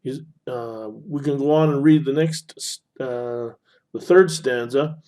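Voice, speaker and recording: Speaking slowly in a mellow, medium-pitched voice, a man annotates a screen recording as he teaches literature. He is the instructor, and he uses lots of fillers and corrects himself often.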